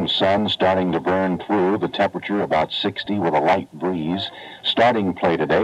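A man giving a steady, measured radio report from a golf tournament. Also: deep voice, breathy edge. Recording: muffled old radio broadcast.

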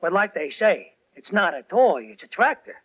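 A man's voice: high voice, big pitch swings, normal speed, slightly rough, full character voice. An actor playing a grumpy, envious male neighbor in a radio ad, grumbling in a sour tone. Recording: tinny old radio ad.

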